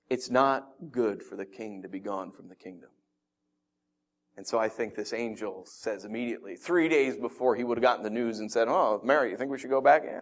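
A man preaching a conversational sermon, telling stories and asking his listeners rhetorical questions. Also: on the high side. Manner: animated storytelling with rhetorical questions. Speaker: pastor.

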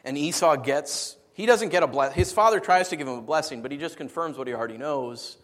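A man preaching a sermon as a pastor. He speaks in an animated, conversational way and often repeats words as he restarts his sentences. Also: on the high side, brisk.

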